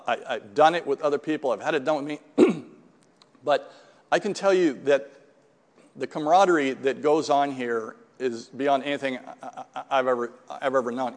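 In a large hall, a man in his sixties with a mid-range voice gives a rambling personal testimony at a recovery meeting. His storytelling is full of restarts and asides, with many "right?" tags.

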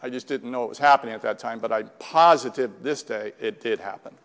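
A man's voice: medium pitch, fairly quick. A middle-aged man telling a rambling, self-deprecating recovery story to a live group, with many restarts and quoted dialogue. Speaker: speaker sharing a recovery story. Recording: long hall reverb.

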